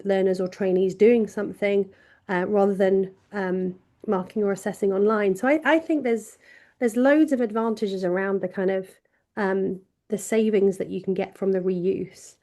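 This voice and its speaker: A woman talking as a guest panelist in a webinar discussion, thoughtful and pausing with frequent ums. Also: mid-range voice, mellow.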